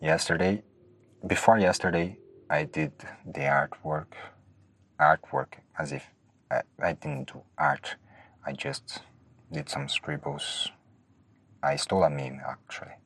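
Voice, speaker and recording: A man's voice: very deep voice, measured pace, long pauses, husky. A man hosting a solo podcast, rambling nervously and hesitantly, often apologizing for how he talks. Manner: hesitant, self-deprecating, restarts often. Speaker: podcast host.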